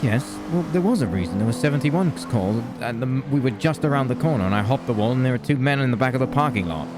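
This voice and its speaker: A man with a London accent roleplaying a police officer, talking bluntly with dry, deadpan humor. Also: medium pitch, fast, background noise. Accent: London English. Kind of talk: in-character roleplay chat.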